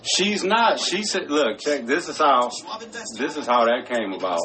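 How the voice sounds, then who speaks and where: Male podcast co-host, casual and rambling, average pitch, chatter of a crowd behind him. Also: lively intonation, measured pace, poor audio. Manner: rambling, many restarts, smoking while talking. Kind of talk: casual chat.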